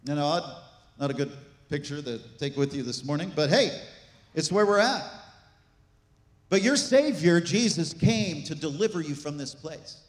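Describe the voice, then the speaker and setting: A man preaching a sermon as pastor, animated, with asides and jokes to the congregation. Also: on the high side, moderate pace. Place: church sanctuary. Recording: echoey church hall.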